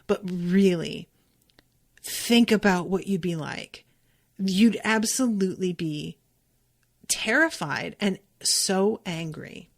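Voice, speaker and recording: A woman's voice: fairly low pitch, takes it slowly, creaky. A woman hosting a podcast, recapping a TV episode in a casual, emphatic way, with lots of fillers and the odd swear word. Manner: chatty and emphatic, with frequent fillers and occasional swearing.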